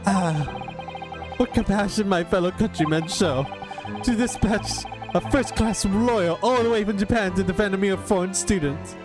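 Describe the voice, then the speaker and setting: A man's voice: sits high, moderate pace, over music, lightly acted. A man voicing a theatrical young Japanese poet held in a prison cell, speaking in florid, alliterative outbursts while reading game dialogue aloud. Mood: overjoyed.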